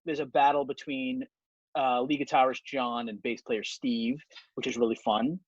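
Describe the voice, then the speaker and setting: A man's voice: mid-range voice, fairly even intonation, normal speed, husky, no echo. A man hosting a band podcast, chatting casually and rambling with many ums about the band's songs. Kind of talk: casual chat. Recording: dull dry lo-fi sound.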